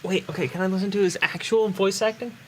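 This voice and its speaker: A woman's voice: medium pitch, fast, a little mellow, a little hiss or hum. A woman streaming a game, chatting casually and giggling often. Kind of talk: casual gameplay chat.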